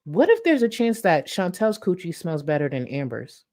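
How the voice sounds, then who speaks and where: A woman's voice: lowish voice, sing-song, normal speed, darkish tone. A woman hosting a live reaction stream, blunt and mocking with crude, profane jokes.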